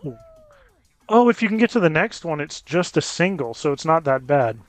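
A man giving casual gameplay commentary as a gaming YouTuber, chatting with viewers and reacting out loud to close calls. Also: fairly high pitch, lively intonation, normal speed, no echo, soft background music. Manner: chatty, reacts loudly to near misses.

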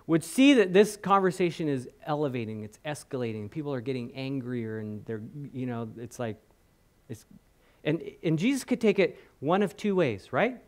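Male pastor, sermon, high voice, very lively pitch, storytelling with asides. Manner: animated storytelling, voicing the crowd and speaking in asides. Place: church.

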